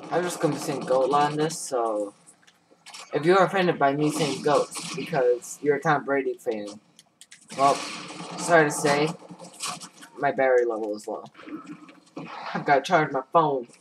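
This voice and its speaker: A man's voice: mid-range voice, normal speed, pauses often, background noise. A man giving casual gameplay commentary in a goofy, rambling, self-mocking way. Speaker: gaming YouTuber.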